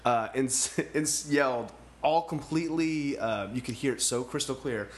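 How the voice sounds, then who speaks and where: A man's voice: mid-range voice, normal speed. Laughing, cussing man telling stories. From small town. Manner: swearing storyteller, laughs through his stories. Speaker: podcast co-host. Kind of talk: casual comedic chat.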